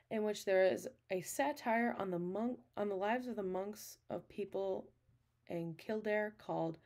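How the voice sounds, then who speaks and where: Woman lecturer, casual, chatty, amused, average pitch. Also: a little mellow. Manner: chatty, amused, laughs often. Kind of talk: casual recorded lecture over slides.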